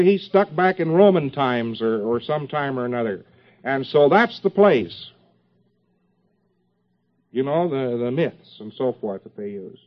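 A man giving an informal lecture to a class, rambling with joking asides and many fillers. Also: on the high side. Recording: dull lo-fi old tape recording.

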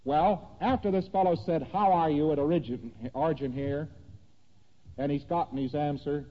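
A man's voice: on the high side, moderate pace, slight background noise. Lecturing man in a dull echoing hall. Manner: conversational, animated, asking "see that?". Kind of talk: lecture explaining diagrams. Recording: dull lo-fi recording in a reverberant hall.

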